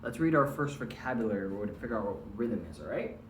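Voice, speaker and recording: A man's voice: fairly low pitch, lively intonation, fast talker, a bit bright, a little hiss or hum. A man teaching a recorded lesson to students in a friendly way, often checking in with "all right?". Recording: roomy, mic at a distance.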